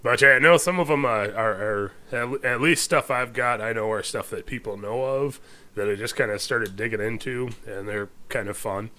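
A man's voice: medium pitch, normal speed, pushed and bright. A middle-aged man co-hosting a podcast in casual, laid-back chat, drawling and groaning along with his partner. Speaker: podcast co-host.

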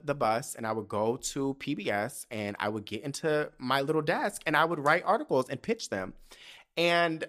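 A man's voice: mid-range voice, a bit bright. A young man hosting a casual solo podcast, telling personal stories in a candid, profane and emotional way. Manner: candid, profane, emotional, often tearful and laughing. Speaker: podcast host.

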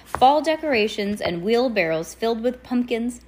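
A woman reading a children's chapter book aloud at home, casual, pausing to chat and correct herself. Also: on the high side, expressive, a little mellow. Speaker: reader.

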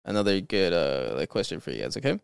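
A man hosting a podcast in a smooth, resonant voice that is recorded close and dry. He rambles with fillers and laughs as he chats, then reads stories aloud. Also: low voice, big pitch swings, fast talker, dry recording. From California. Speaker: podcast host. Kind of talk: casual chat and reading stories aloud.

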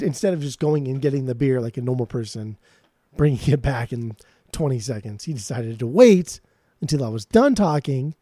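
A man co-hosts a casual music podcast, ranting and cursing as he goes. His pitch swings a lot, and his tone is warm and mellow. The sound is dry and close. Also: dry recording. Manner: ranting, profane, animated. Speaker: podcast co-host.

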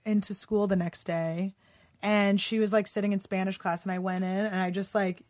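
A woman's voice: medium pitch, flat delivery, moderate pace, a little mellow, no echo, clean studio sound. A young woman, a comedian guest in a casual podcast chat, telling a heated story with lots of swearing and "like". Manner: heated, profane storytelling full of "like".

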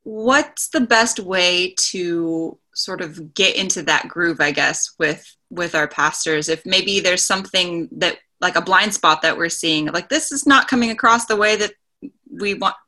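A woman with a low, bright voice hosts the conversation. She asks a thoughtful question, pausing and rephrasing as she searches for her words. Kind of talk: interview question.

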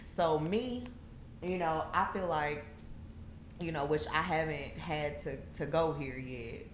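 A woman's voice: sits low, takes it slowly. A woman guest in a casual chat, giving blunt, matter-of-fact advice. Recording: echoey room with faint noise.

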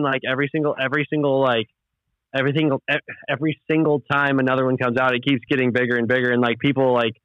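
A man's voice: medium pitch, dry recording. A young man, a podcast host, chatting casually in a laid-back, rambling way with lots of fillers and swearing. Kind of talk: casual chat. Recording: muffled lo-fi audio.

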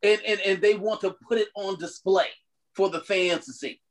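High-voiced man co-host. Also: fairly even intonation, normal speed. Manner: earnest, stumbling restarts. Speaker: podcast co-host. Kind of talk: casual chat.

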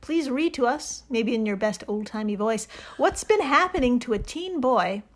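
A woman co-hosting a podcast who leads each segment as the storyteller. Her voice sits a little high, and she narrates with playful, dramatic flair. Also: expressive, moderate pace. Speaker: podcast co-host.

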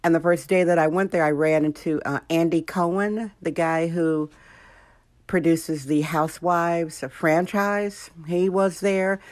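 An American woman hosts her podcast in a relaxed, chatty monologue. She speaks a little low, with a dry, close sound, and now and then acts out the people in her stories. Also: a little slow, dry recording. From United States. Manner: animated storytelling, acting out quoted voices. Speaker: podcast host. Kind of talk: casual monologue.

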